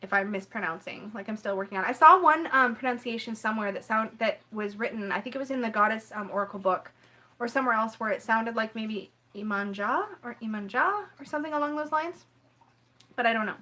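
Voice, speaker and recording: A woman tarot reader hosting a casual live stream from home, rambling, apologetic and clearing her throat now and then as she chats with viewers. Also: a little high, a little fast, pushed and bright.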